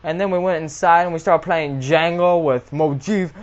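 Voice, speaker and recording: A young man rambling through an absurd comic story, jumping into high silly voices for everyone in it. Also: fairly even intonation. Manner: rambling, rapid, doing high-pitched silly voices for the people he quotes. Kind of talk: rambling absurd comedy monologue. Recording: dull lo-fi webcam audio.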